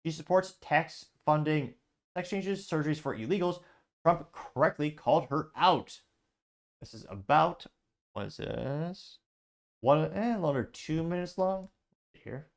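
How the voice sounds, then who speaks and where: A man's voice: fairly high pitch, lively intonation, a little slow, vocal fry. A man hosting an online show, reading viewer comments aloud and giving chatty, sarcastic political commentary. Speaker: show host.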